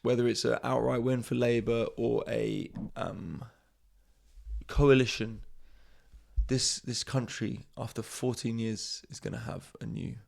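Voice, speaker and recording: A man hosting a comedy podcast, rambling through a sarcastic monologue. His voice is gravelly and his pitch sits mid-range. His delivery is loose, with frequent asides that trail off. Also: steady tone, measured pace, darkish tone.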